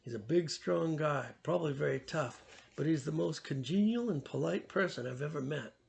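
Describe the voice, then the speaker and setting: A man's voice: fairly high pitch, moderate pace, gravelly. A man voicing an earnest, thoughtful teenage boy in a read-aloud storybook.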